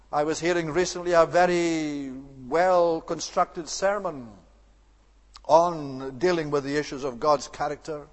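A man preaching an expository sermon, earnest and emphatic, building to rhetorical outbursts. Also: high voice. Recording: long reverb of a large hall.

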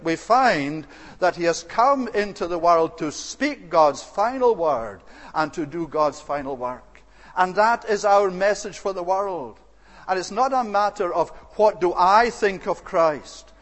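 A man with a high-pitched voice preaches a sermon. His delivery is earnest and deliberate, with occasional hesitant fillers. The sound carries a long reverb, like a church hall.

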